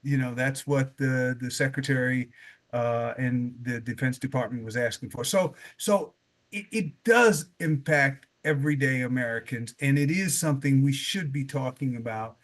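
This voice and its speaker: A man's voice: mid-range voice, normal speed, fairly bright tone. A man co-hosting a casual political discussion, stammering and repeating words before he gets going. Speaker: podcast co-host.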